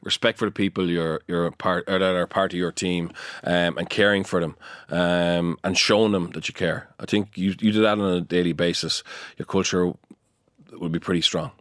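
A middle-aged man, a guest in an interview, explaining his ideas in a lively way, full of restarts and fillers. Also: sits low, moderate pace, no room sound, studio quality. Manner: animated, many restarts and fillers. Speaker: guest, performance consultant. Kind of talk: conversational interview.

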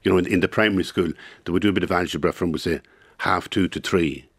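An Irish man speaking as an interview guest in a studio, thoughtful and halting, often repeating words as he reflects. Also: deep voice, slightly rough. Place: radio studio.

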